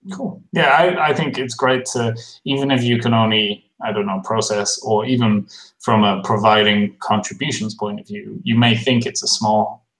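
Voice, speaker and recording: A man's voice: fairly low pitch, fairly even intonation, moderate pace, a bit bright. A man hosting a casual interview over a video call, chatty and rambling with plenty of fillers. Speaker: host. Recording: roomy echo.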